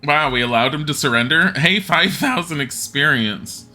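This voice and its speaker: A man's voice: a little high, animated, normal speed, bright, forceful tone, soft background music. A man streaming a game, chatting casually and muttering commands, and he laughs often. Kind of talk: casual live commentary while gaming.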